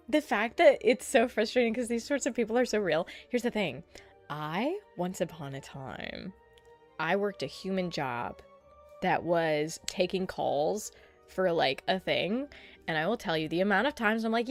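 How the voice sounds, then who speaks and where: A woman streaming casually as she reacts to a trailer, excitable and rambling, with frequent swearing. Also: medium pitch, unhurried, soft background music.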